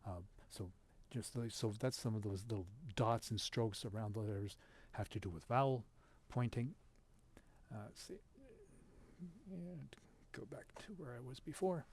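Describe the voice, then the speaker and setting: A man giving an informal lesson over a shared screen, patient and explanatory, pausing often with fillers and restarts. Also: mid-range voice, a little mellow, slight background noise. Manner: halting, with many fillers and restarts. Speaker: teacher.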